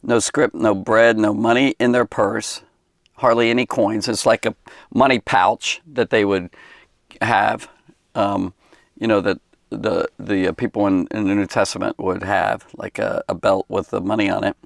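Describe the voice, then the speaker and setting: A man's voice: lowish voice, steady tone, unhurried, gravelly, no echo, clean studio sound. A man giving a casual Bible lesson for kids, rambling and conversational with many fillers and restarts. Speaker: Bible teacher.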